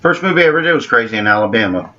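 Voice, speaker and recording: A man's voice: medium pitch, lively intonation, rapid-fire, bright, forceful tone. A man who works as an actor, co-hosting a casual movie chat in a playful, jokey way. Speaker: co-host of a movie review show, working actor. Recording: dull sound with faint background hiss.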